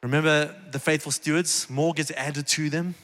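A man's voice: on the high side, fairly even intonation, normal speed, fairly bright tone. A man preaching a sermon from a church stage, earnest and conversational, driving points home with repetition. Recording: long reverb of a large hall.

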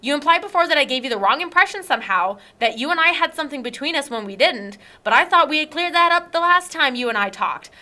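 A woman's voice: high-pitched, animated, fast, few pauses, sharp tone. A young woman hosting a casual chat, telling an indignant story and acting out text messages.

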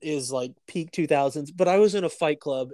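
A man in his thirties co-hosting a podcast, telling animated stories in casual chat, swearing often and laughing between lines. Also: a little high, moderate pace, dry recording, studio quality. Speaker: podcast co-host.

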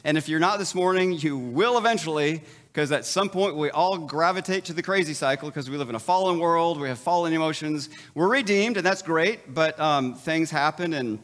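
A man's voice: fairly high pitch, fairly bright tone. Man preaching in a reverberant hall. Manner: conversational, stammering restarts, chuckles at own stories. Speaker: pastor. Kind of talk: sermon.

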